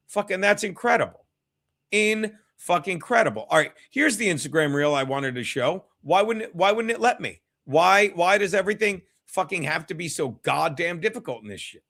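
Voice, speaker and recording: A man talks loosely on a home livestream, cursing often and drifting from thought to thought. His voice sits fairly high for a man, and he speaks straight to the chat. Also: very animated, normal speed, a bit bright. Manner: profane, rambling, chats with viewers. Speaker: comedian hosting a livestream. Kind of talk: casual solo livestream chat.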